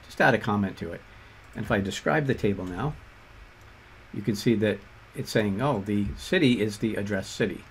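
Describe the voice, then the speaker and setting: A man with a Boston accent explaining code step by step in a relaxed tutorial. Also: lowish voice, a little hiss or hum. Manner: relaxed explanatory walkthrough with fillers and asides. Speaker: instructor. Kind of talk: screen-share coding tutorial.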